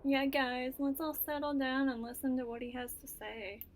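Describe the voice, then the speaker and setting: A woman's voice: high-pitched, fairly even intonation, moderate pace, slight background noise, natural voice. A woman voicing a young male class president in a game, urging his classmates to settle down.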